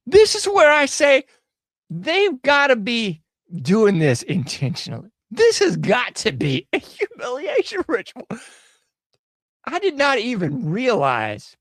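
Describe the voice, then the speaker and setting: A man's voice: extremely high pitch, wildly swooping pitch, slow pace, fairly bright tone, dry recording. Guy podcaster, sarcastic, laughing, voice jumping all over the place, dry sound. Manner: sarcastic, laughing, drawling slang. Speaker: show host. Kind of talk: casual podcast commentary.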